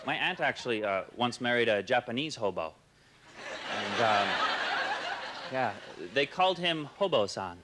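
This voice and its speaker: A young man with a Canadian accent doing a halting, deadpan stand-up set, full of uhs and restarts. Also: mid-range voice. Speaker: stand-up comedian. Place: comedy club stage with audience laughing. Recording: live stage recording with noisy room.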